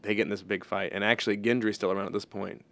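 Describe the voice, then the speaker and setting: A man in relaxed casual chat, chiming in and explaining story details. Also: fairly low pitch, racing, gravelly.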